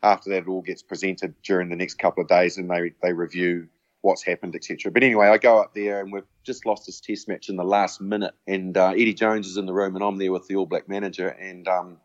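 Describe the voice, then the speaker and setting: Low-voiced man telling a story. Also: dry recording, dull audio. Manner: animated storyteller acting out dialogue. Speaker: former rugby player guest. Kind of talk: casual anecdote.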